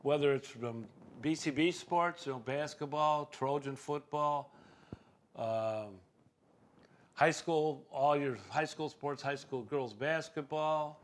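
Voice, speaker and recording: A man hosting a local cable talk show, rambling through community sports talk with frequent fillers. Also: on the high side.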